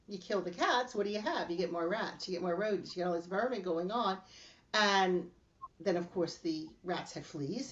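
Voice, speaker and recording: A middle-aged woman hosting a casual podcast chat, telling animated stories and laughing often. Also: medium pitch, dull audio. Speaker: podcast host.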